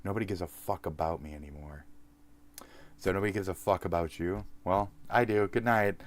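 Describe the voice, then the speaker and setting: A streamer in his forties signs off to his viewers in a deep, brisk voice. He rambles, swears, and pokes fun at himself.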